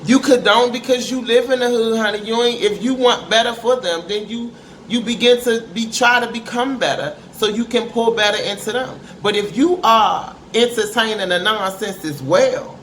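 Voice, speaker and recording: A middle-aged woman speaks to camera in a candid, emphatic, preachy way, often calling her listeners honey. Her voice rings in a reverberant room. A faint hiss sits under the recording. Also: mid-range voice. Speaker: parent giving advice. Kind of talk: candid motivational talk to camera. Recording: echoey room with faint noise.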